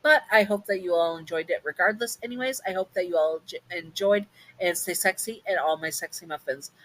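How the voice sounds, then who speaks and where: A woman's voice: lowish voice, a little fast, a bit bright, rough recording. A woman narrating a listener role-play story in a casual, chatty way, sometimes correcting herself. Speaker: narrator and channel host.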